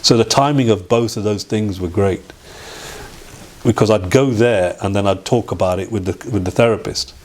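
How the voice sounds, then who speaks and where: A man, telling his life story as an interview guest in a halting way, with restarts and reenacted dialogue. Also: lowish voice, darkish tone. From Derby, England. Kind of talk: personal storytelling in a sit-down interview.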